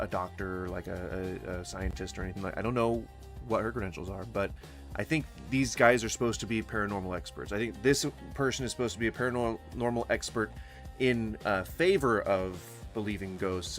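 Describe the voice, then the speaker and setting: Rambling, blunt skeptical man commenting. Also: lowish voice. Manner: rambling, halting restarts, blunt skeptical asides with profanity. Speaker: commentary streamer reacting to a paranormal podcast. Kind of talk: casual reaction commentary.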